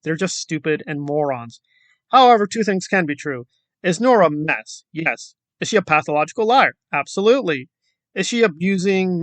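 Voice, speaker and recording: A man's voice: sits high, sharp tone, dry recording. A man delivering a combative, sarcastic commentary rant full of rhetorical questions. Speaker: commentary YouTuber. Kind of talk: ranting commentary vlog.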